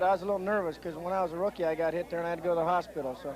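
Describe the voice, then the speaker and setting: A man giving a hoarse, rambling, grateful postgame TV interview after a win. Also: fairly high pitch, fairly even intonation, rapid-fire, a little mellow, rough recording. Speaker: ballplayer interviewed after winning. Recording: 1970s TV broadcast with crowd noise.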